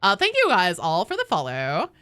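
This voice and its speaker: A woman's voice: lowish voice, wildly swooping pitch, normal speed, bright, forceful tone, clean tone, no echo, heavily acted. A woman voicing a bubbly young valley girl while reading out thank-yous in a chirpy, sing-song way.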